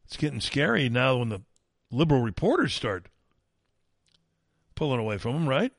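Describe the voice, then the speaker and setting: A man's voice: medium pitch, big pitch swings, normal speed, vocal fry, dry recording. A man hosting a talk radio show, delivering an opinionated, mocking and emphatic monologue.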